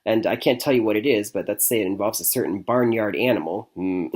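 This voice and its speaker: A man's voice: fairly low pitch, a little fast, darkish tone. A young man from Michigan giving a casual spoken movie review, rambling with many fillers and restarts and chuckling often. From Michigan, USA.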